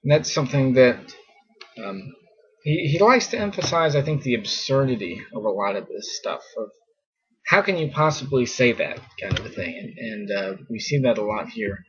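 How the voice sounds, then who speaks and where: Husky man giving casual scripture commentary. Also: medium pitch, expressive, moderate pace. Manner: conversational, many fillers, mockingly exasperated. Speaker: scripture teacher. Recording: muffled lo-fi recording.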